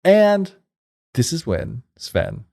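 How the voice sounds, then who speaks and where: Extremely slow, creaky, and mellow, his slightly high voice swings hugely in pitch. He's a podcast co-host loosely retelling a fairy tale in casual chat, full of "like" and tangents.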